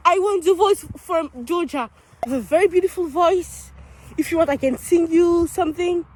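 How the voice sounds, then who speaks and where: A young woman from France chatters in English with a French accent, her voice sitting very high. She teases and overreacts playfully as she films a casual street vlog. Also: moderate pace, a little mellow. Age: young adult. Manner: bubbly, teasing, exaggerated reactions. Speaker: vlogger.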